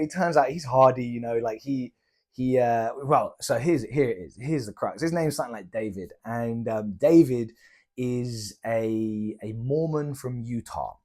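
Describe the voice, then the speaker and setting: A young British man casually retelling a travel story, chatty and slangy, acting out the people he met. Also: mid-range voice. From Britain. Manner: chatty, slangy, animated retelling with quoted dialogue. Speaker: travel vlogger.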